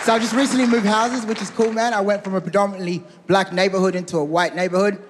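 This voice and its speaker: A man's voice: high-pitched, fairly even intonation, quick pace, very noisy. A man doing stand-up comedy in a live venue, telling punchy stories and acting out the dialogue. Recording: live hall reverb with crowd.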